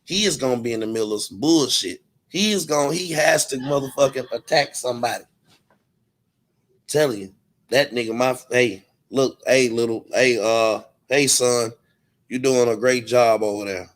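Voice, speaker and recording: A man's voice: mid-range voice, normal speed. A man talks straight to his channel audience in a loose, profane rant. He slips into short mocking impressions of other people, then drops back into his own casual voice. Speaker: commentary channel host. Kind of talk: casual ranting commentary.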